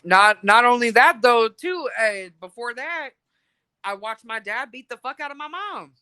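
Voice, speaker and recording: A woman, chatting casually and telling profane, animated stories. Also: a little high, measured pace, clean tone, no echo. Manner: profane, animated storytelling with acted quotes. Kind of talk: casual chat.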